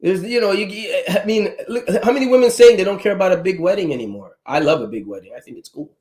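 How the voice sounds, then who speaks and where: A man's voice: high voice, animated, quick pace, darkish tone. A middle-aged man with a Trinidadian accent, speaking bluntly as a guest. He is opinionated and emphatic, and he talks in a loose, conversational way. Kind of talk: casual chat.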